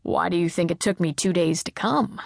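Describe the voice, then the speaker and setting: A woman voicing a calm, smirking male devil who talks slowly in a low, hushed voice. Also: vocal fry, breathy edge, no echo, clean studio sound, heavily acted. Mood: sly.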